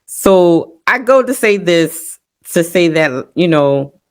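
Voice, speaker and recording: Middle-aged woman telling her story slow, choking up, lots of um and you know. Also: lowish voice, lively intonation. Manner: emotional, holding back tears, many fillers. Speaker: podcast guest sharing testimony. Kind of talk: emotional personal testimony.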